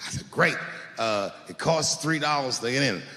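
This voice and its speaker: A man doing a stand-up routine, telling animated stories, dropping low for quoted voices and shouting punchlines. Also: normal speed. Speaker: stand-up comedian. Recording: live hall reverb with faint ambience.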